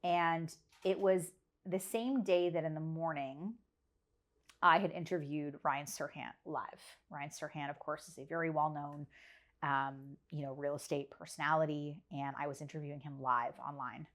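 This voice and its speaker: Candid, lower-pitched woman telling a story. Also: steady tone, moderate pace. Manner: earnest, emphatic, repeats phrases for effect; candid about struggles. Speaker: podcast guest, business leader.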